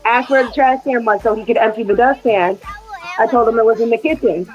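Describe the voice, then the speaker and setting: Animated woman telling family stories. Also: fairly high pitch, fairly quick, dull audio. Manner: animated, acts out her son's quotes. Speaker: podcast host. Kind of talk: casual storytelling chat.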